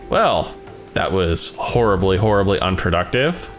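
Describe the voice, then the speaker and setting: A man giving sarcastic, animated gameplay commentary as a let's play gamer. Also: lowish voice, moderate pace, faint music behind.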